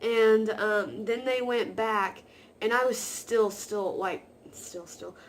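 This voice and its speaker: A woman vlogger telling a story to camera in a rambling, excited way, full of "like" fillers. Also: fairly high pitch, takes it slowly, slight background noise.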